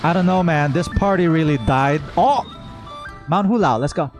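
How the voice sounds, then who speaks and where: A man's voice: fairly high pitch, normal speed, darkish tone. A man chatting casually and enthusiastically while streaming a video game, rambling from one thought to the next. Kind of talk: casual gameplay commentary. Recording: game music faintly behind.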